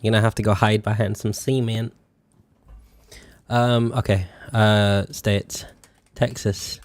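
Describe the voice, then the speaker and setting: A man's voice: fairly low pitch, level tone, slow, dry recording. A young British man streaming a game in casual chat, self-mocking and sweary, stretching out words as he tries to spell them. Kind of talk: casual live-stream chat while playing.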